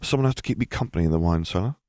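A young wizard husband with a wry, joking way of downplaying trouble, as a man reads him in an audiobook. The voice sits deep and low, recorded close and dry. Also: animated, very fast, a little mellow, no room sound. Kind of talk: audiobook character reading.

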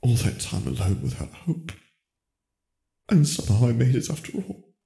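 A man reading fan fiction aloud, voicing a young wizard groom in a quiet, earnest, low-key way. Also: very animated, normal speed, creaky, husky, full character voice. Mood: moved.

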